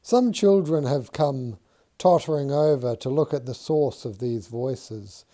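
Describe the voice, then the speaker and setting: A man reading a novel aloud in a measured, unhurried storytelling manner. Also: medium pitch, expressive, mellow. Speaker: audiobook reader.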